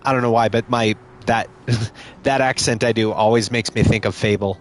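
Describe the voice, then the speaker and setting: A man's voice: fairly low pitch, fairly even intonation, a little fast. A man casually commenting on a game he streams live, joking and swearing, with game music behind.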